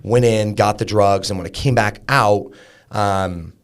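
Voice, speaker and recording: A man's voice: on the low side, a little slow. A man in his thirties, a podcast guest, candidly telling a personal story in a conversational way, full of fillers and restarts.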